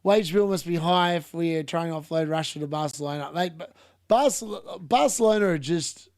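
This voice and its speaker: A man's voice: a little high, normal speed, a little mellow, no room sound, clean studio sound. A young man streaming a live football watchalong, chatting casually, laughing and reading out chat. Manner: casual, chatty, laughs often, uses "mate".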